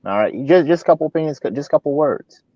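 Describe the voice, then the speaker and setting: A man's voice: fairly high pitch, fast talker, dry recording, highs cut off. A man co-hosting a live talk show, giving casual opinion commentary in a rambling, ranting way. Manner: rambling, repeats and restarts, animated ranting.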